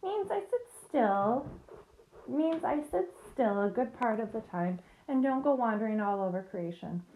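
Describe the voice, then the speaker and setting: A woman voicing a wise, calm female spider in a storybook reading, explaining things patiently. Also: on the high side, measured pace, slight background noise, low-quality recording.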